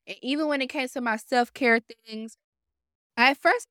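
A woman in her twenties hosting a podcast, telling her story in a blunt, profane, animated self-help monologue. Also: high voice, a little slow, clear, resonant tone, dry recording, clean studio sound. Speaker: podcast host.

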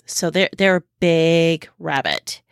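Woman, podcast host, casual informative talk, fairly low voice, very slow and pausing with fillers, firsthand homestead experience. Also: smooth, no echo, clean studio sound. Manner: unhurried, with many pauses and fillers; speaks from personal homestead experience.

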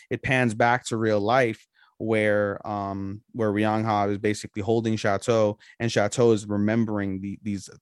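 Man co-host, low voice, dry close sound, rambly casual review chat. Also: dry recording. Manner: rambling, loose and profane, heavy on "like". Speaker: podcast co-host.

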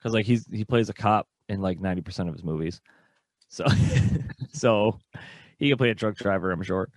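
Easygoing low-voiced co-host. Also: male voice, normal speed, no room sound. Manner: easygoing, laughs often. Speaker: podcast co-host. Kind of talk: casual movie review chat.

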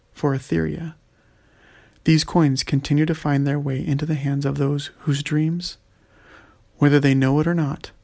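Casting: ancient female spirit of a well, wise and calm, gravelly read, by a man. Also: on the high side. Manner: solemn, measured.

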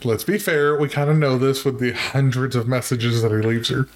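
A man's voice: medium pitch, fairly even intonation, moderate pace. A man co-hosting a podcast, mostly adding short agreeing asides in casual chat. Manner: brief interjections and agreeing asides. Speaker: podcast co-host.

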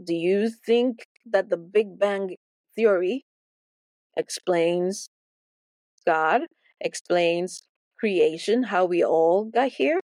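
A woman's voice: on the low side, drawn-out words, pauses often, a little mellow, dry recording. A woman teaching a Bible lesson as playful, theatrical storytelling, often repeating words for effect.

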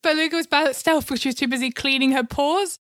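A woman plays a tabletop game in a giggly, quick way. Her voice is high, and the recording is dry and close. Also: fairly bright tone, dry recording. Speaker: player.

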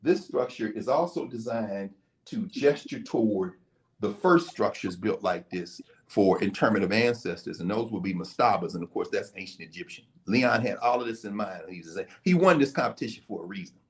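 A man's voice: on the low side, normal speed. A man, a guest, explaining in a casual way and telling it like a story, now and then acting out what people said. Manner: animated, storytelling, acts out quotes.

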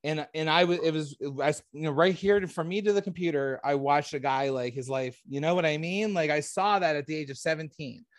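Man from Canada in his forties, comedian guest, fairly high voice, rambling candid chat, lots of fillers, dry close sound. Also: brisk, hardly any pauses, no room sound. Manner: rambling, heavy use of fillers like "like" and "right?". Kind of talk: candid casual interview talk.

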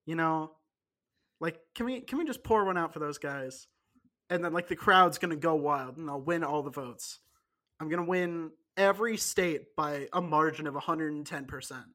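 High-voiced man in a joking podcast chat. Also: moderate pace, pushed and bright. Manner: rambling, joking, frequent laughs and restarts. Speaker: podcast co-host. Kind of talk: casual chat.

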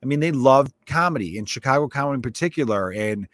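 A young male stand-up comedian holds forth in a loose, profane podcast monologue, often restarting his sentences mid-thought. His voice sits at an ordinary male pitch. It is recorded close on the mic in a dry space with no room echo. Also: animated, fast, a bit bright. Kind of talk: casual solo podcast monologue.

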